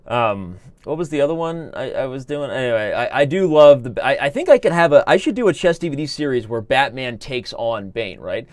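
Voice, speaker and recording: Brief: a rambling, jokey male streamer with a very animated pitch, dry and close. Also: moderate pace, no room sound. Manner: rambling, jokey, reads chat aloud. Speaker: chess streamer and show host. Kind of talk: live-stream chat commentary.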